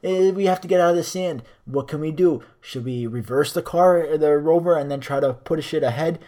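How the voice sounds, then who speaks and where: A man's voice: on the high side, brisk, warm tone, lightly acted. A man putting on a dull, earnest rover driver who rambles on fretfully in a mock-serious tone.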